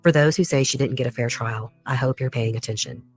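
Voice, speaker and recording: A podcast host reading a scripted true crime case in a measured storytelling way, with pointed personal asides. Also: mid-range voice, soft background music.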